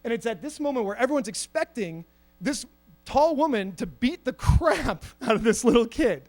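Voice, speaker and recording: A man's voice: very high-pitched, lively intonation, normal speed, darkish tone. A young man telling self-mocking stories in a stand-up comedy set, acting out the people he quotes. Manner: storytelling, self-mocking, acts out quoted voices. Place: comedy stage at an arts center.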